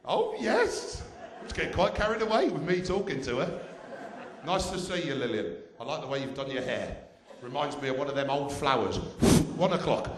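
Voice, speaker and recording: A man's voice: mid-range voice, animated, a little fast, reverberant, crowd noise. A male stand-up comedian on a theatre stage, cheekily teasing the audience.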